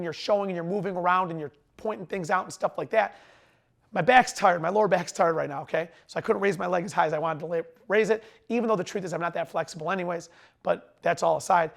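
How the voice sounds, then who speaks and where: A middle-aged man coaching salespeople straight to camera in a high, bright voice. He talks fast and emphatically and sometimes runs his words together, and a tiredness sits under his energy. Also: creaky. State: tired after a long lecture. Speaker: sales trainer. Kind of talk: direct-to-camera sales lesson.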